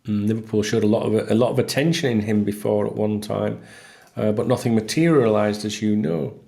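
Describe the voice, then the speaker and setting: Man, gravelly voice, casual vlog talk, blunt, exasperated, swears a lot. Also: on the low side, fairly even intonation, a little fast, dark tone. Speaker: football fan vlogger. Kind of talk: casual solo talk to camera.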